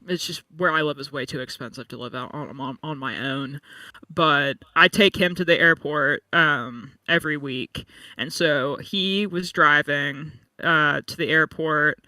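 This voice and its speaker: A man in casual chat, telling stories with animated, rambling energy and lots of "like". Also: on the high side, dry recording, far from the mic. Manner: chatty, animated storytelling with lots of "like". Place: home room.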